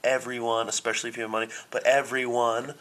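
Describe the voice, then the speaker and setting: Guy hosting a chatty podcast, tense bright tone, swears a lot, rambles. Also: medium pitch, flat delivery, fast. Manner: rambling, profane, earnest. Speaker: podcast co-host. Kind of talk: casual podcast chat.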